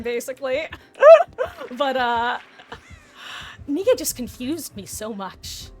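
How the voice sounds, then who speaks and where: A young woman from New Jersey chats through a live game stream with a fairly high, fairly bright voice. She rambles, giggles, and makes fun of herself, restarting her sentences often and sounding short of breath as she comments while playing.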